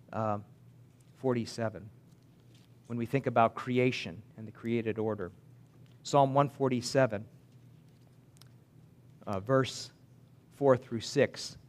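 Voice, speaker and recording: A man preaching a sermon with emphatic delivery, swinging between loud declarations and hushed words, and reading scripture slowly and deliberately. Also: medium pitch. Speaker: pastor.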